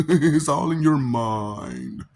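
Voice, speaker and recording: Laughing, swearing man with a loose rambling ramble. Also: fairly high pitch. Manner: laughs often, profane, swings from loud to muttered; makes mouth sound effects. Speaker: monologue host. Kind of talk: rambling casual monologue.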